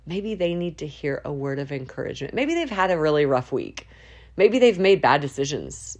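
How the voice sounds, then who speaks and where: A woman hosting a faith podcast, praying aloud in a heartfelt, informal way, with sudden rises and slow drawn-out words. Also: low-pitched, sing-song. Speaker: podcast host. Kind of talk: spoken prayer and encouragement. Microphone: audio only, no camera.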